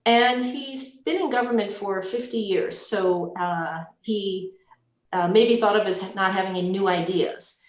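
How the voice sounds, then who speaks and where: Earnest woman panelist in an echoey room. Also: medium pitch. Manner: earnest, measured, with frequent restarts. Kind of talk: recorded panel discussion.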